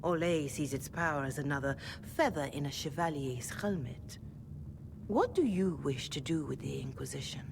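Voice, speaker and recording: Courteous older cleric, low and expressive, game audio with rumble. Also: female voice, moderate pace, vocal fry. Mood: formal. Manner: formal, courteous address. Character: devout older woman cleric, formal and gentle.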